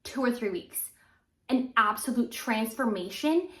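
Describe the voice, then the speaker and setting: Here a young woman teaches violin on video, keeping things casual and encouraging while she demonstrates. She speaks at a measured pace in an animated, higher-leaning voice, and the recording carries a roomy echo.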